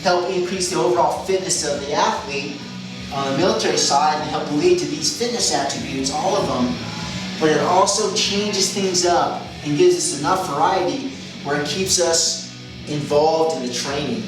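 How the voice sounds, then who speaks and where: With a voice on the high side and a normal speaking speed, this fitness coach methodically explains a training method. He circles back to key phrases and corrects himself, and the audio has room echo, a distant mic, and music in the background.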